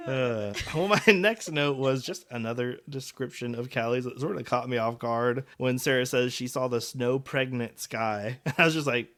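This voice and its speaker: A man's voice: mid-range voice, moderate pace, hardly any pauses, fairly bright tone. A man co-hosting a book club podcast, chatting casually in a playful, joking way and laughing along. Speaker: podcast co-host.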